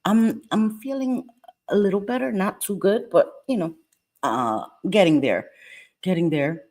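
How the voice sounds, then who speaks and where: Middle-aged female streamer, low register, rambling friendly chat, hushed so as not to wake the house. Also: sing-song, normal speed. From Puerto Rican heritage. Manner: chatty, greets viewers by name, rambling asides; keeping her voice down. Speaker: live-stream host. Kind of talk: casual live-stream chat. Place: at home.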